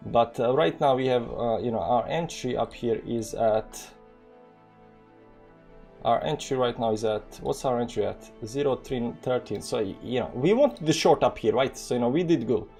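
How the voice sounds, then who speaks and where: A man from the former Yugoslavia, speaking with a Balkan accent, rambles through casual live crypto trading commentary, reading out numbers and using plenty of fillers. His mid-range voice is warm with vocal fry at a normal speed, and soft music plays behind him.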